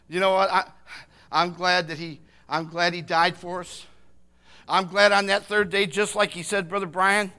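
An older man preaching a sermon, impassioned, swinging from hushed words to shouting. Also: high-pitched.

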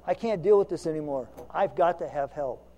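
High-voiced man preaching a folksy sermon. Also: fairly quick. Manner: folksy and self-mocking, swinging between loud emphasis and quiet asides. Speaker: lay preacher.

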